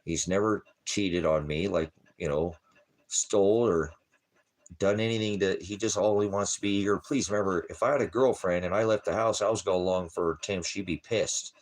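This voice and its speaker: A man's voice: deep voice, normal speed. A man who preaches for a small ministry, talking in a rambling, off-the-cuff livestream style, breaking off to talk to his dog. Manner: meandering, jokey, talks to his dog between points.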